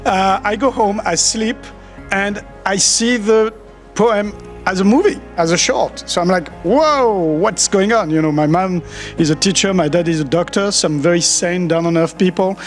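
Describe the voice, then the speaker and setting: A man's voice: high-pitched, normal speed, soft background music. Playful French man speaking on stage. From France. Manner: chatty, playful, self-mocking. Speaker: conference speaker. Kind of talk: conference talk. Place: large auditorium.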